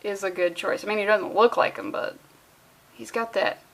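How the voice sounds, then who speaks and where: A woman's voice: medium pitch, fairly even intonation, moderate pace, a bit bright. A woman casually reviewing a comic book, sarcastic and profane, acting out the characters' lines in passing.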